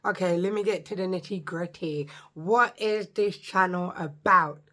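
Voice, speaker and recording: A social worker in her thirties introduces her vlog channel, excitable, chatty and joking, and mentions that her voice sometimes gives out. She speaks a little slowly in a lowish register, with noise in the background.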